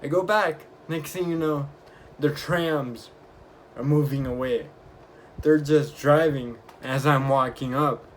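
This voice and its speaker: A young man vlogging, casually retelling his week with lively quoted bits of dialogue. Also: a little high, takes it slowly, a little hiss or hum. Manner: chatty, animated retelling with acted quotes. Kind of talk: casual storytelling vlog.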